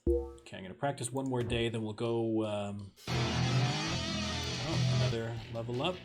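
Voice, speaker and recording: A Canadian man with a Canadian accent chats through a let's play at an average pitch. He rambles and drifts onto tangents as he plays. Game music is clearly audible behind his voice. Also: sing-song, unhurried. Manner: chatty, wanders off on tangents. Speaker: gaming streamer.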